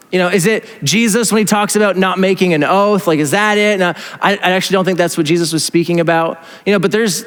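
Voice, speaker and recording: A man's voice: a little high, long reverb tail. A male pastor preaching a sermon in a casual, conversational way, acting out imagined inner voices. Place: church.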